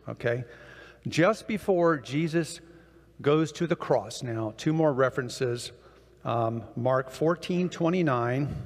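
A man with a gravelly voice preaches a Bible-study sermon in a church hall, the long reverb trailing after his words. He keeps the tone conversational and keeps checking in with his listeners. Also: mid-range voice. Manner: conversational, often checks in with the audience. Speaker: guest preacher. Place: church or meeting hall with projected slides.

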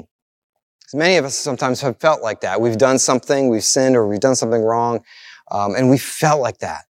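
A male pastor delivers a sermon in an earnest, repeating cadence, his lines often circling back on themselves. His voice sits at a middle pitch. The recording is dry, with little room sound. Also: no echo. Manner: earnest, repetitive preaching cadence.

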